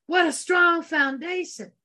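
Fervent high-voiced woman preaching a sermon. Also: measured pace, bright, forceful tone. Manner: fervent, emphatic, repeats phrases, exclaims often.

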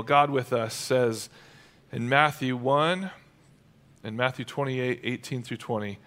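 A male pastor preaching a sermon in a conversational, energetic way. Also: mid-range voice.

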